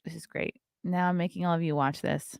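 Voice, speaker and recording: A woman's voice: on the low side, flat delivery, a little fast, vocal fry, smooth, no room sound, studio quality. A woman in her thirties hosting a casual morning show, chatty and sarcastic, swearing freely. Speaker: show host.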